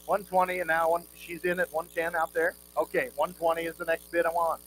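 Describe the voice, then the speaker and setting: A man calling bids as auctioneer at a live charity quilt auction, rolling numbers in a rapid rhythmic chant. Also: fairly high pitch, flat delivery, a bit bright, a little hiss or hum, rough recording. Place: outdoor camp auction.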